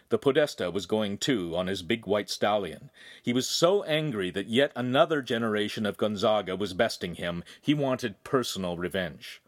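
A man reading a novel aloud as scripted narration, with expressive storytelling. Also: on the low side. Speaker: audiobook reader.

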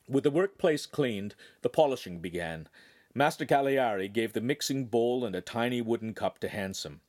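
A man narrating an audiobook in an expressive storytelling manner. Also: mid-range voice, normal speed. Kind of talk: scripted narration.

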